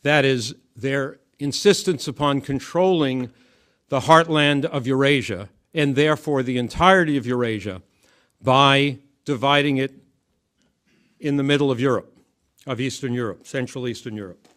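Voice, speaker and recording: A man giving measured, emphatic political commentary, often restarting his phrases. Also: mid-range voice, a bit bright.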